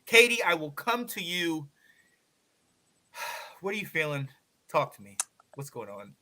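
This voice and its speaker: A man's voice: on the high side, very animated, measured pace, bright, forceful tone. A man hosting a casual sports podcast, playful and encouraging, throwing questions to his guest. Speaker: podcast host.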